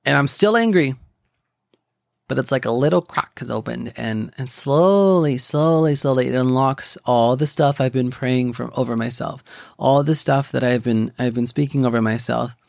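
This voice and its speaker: Gravelly young man sharing a faith story. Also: mid-range voice, dry recording, studio quality. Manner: rambling, halting, many restarts and fillers. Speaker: podcast host. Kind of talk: personal faith testimony.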